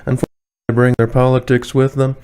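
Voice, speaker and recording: Man, Tidewater Virginia accent, middle-pitched voice, rambling, chuckling, casual vlog talk. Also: little pitch movement, very fast, darkish tone, clean tone. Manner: chatty, rambling, many fillers, chuckles often. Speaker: vlogger. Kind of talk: casual opinionated monologue. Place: indoors, warm room.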